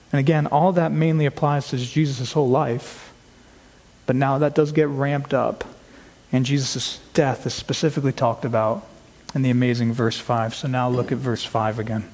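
A man preaching an expository sermon to his church, slowing down to stress key words. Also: mid-range voice, a little mellow. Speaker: pastor. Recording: long hall reverb.

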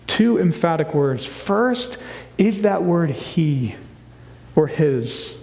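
A man's voice: a little high, lively intonation, slow pace, vocal fry, darkish tone. A man preaching a sermon as pastor, earnest, often restarting and repeating his words. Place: church hall. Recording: long hall reverb.

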